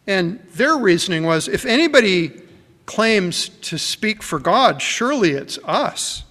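Slow, bright-voiced preacher in a reverberant hall. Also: male voice, sits high. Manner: emphatic, deliberate preaching with slow, stretched phrases. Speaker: pastor. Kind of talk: sermon. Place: church sanctuary.

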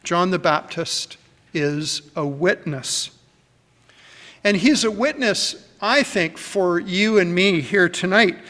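A man preaching a sermon to a church congregation, emphatic and deliberate, stretching his phrases. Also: sits high, bright, forceful tone. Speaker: pastor. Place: church sanctuary. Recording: long hall reverb.

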